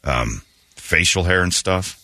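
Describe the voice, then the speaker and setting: A man's voice: low voice, slow pace, no room sound, studio quality. A man hosting a radio morning show, telling a story casually and acting out the people in it. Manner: animated, acts out the people in his stories.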